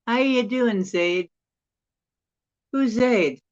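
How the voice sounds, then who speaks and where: A woman's voice: lowish voice, slow pace, pauses often, no echo, muffled recording. A woman hosting a casual livestream, chatty and rambling, often laughing and correcting herself. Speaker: livestream host.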